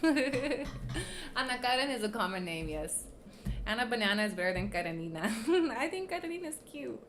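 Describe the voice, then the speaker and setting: A woman's voice: on the high side, very animated, moderate pace, slight background noise. A woman livestreaming in casual chat, blunt and profane, teasing and laughing often, slipping into Spanish phrases.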